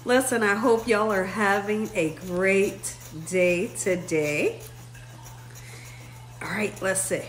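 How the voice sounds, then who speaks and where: A woman's voice: mid-range voice, takes it slowly. A woman hosting her own vlog, chatting effusively and talking straight to her viewers in a casual way. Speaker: vlog host.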